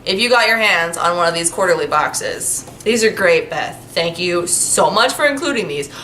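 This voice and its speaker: Female book vlogger, bright tone, chatty and effusive, casual delivery. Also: on the low side, expressive, normal speed, a little hiss or hum. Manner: gushing, chatty, lots of "like" fillers. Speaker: book reviewer. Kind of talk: casual vlog chat.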